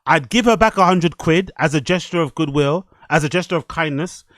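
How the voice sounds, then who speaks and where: A man's voice: fairly high pitch, fairly quick, a bit bright, no echo. A man hosting a casual reaction podcast, rambling and swearing with frequent asides. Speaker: podcast host.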